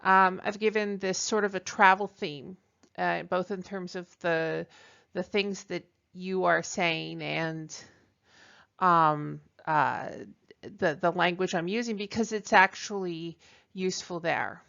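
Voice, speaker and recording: This French lesson is led by a woman whose voice sits on the low side and sounds a bit bright. She moves at a slow, careful pace, dropping ums and uhs into pauses and pronouncing each phrase clearly so listeners can repeat it, on slightly dull, lo-fi audio.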